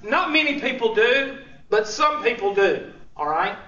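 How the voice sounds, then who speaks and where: In a large classroom, a male college instructor lectures in a very high, pushed, bright voice with big pitch swings and an unhurried pace. He teases and uses sarcasm, firing off rhetorical questions. He is far from the mic, so the recording sounds dull and echoey.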